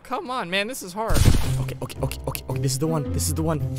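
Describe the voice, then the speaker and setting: A young man doing comedic video game commentary, excitable and giggly, with sudden yelps. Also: fairly high pitch, racing. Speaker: gaming YouTuber. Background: game music.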